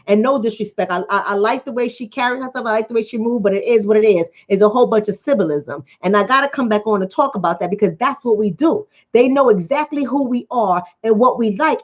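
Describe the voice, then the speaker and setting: A woman with a Bronx accent giving a blunt, fired-up vlog monologue as a commentator and coach. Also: on the high side. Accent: New York, Bronx. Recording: slightly dull lo-fi audio.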